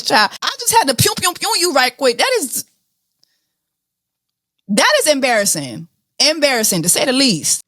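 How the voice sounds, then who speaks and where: A woman hosting a podcast, talking through celebrity news in an animated, blunt, profane way. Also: sits high, no room sound, clean studio sound. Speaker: podcast host. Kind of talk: casual celebrity news chat.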